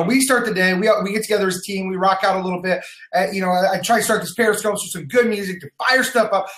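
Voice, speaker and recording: A man who leads a sales team, giving an energetic motivational livestream talk from his phone. He repeats his points for emphasis, swears casually and greets viewers by name. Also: high voice, echoey room.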